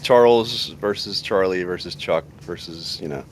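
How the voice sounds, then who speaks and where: Deep-voiced hesitant American man. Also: moderate pace, a little hiss or hum. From United States. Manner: hesitant, searching for words. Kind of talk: casual livestream chat.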